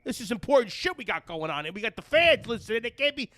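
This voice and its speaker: A man's voice: extremely high pitch, very animated, fast. A middle-aged man with a New Jersey accent, hosting a podcast and telling long rambling stories full of fillers. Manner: loud, rambling, storytelling with frequent fillers. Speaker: podcast host. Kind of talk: casual podcast banter. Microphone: headphones and studio mic.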